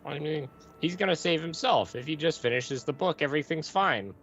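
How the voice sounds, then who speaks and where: A man's voice: fairly high pitch, expressive, normal speed, a bit bright, lo-fi sound, a little hiss or hum. A man playing a tabletop game, talking in an easygoing, agreeable way. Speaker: player. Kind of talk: casual tabletop role-play chat.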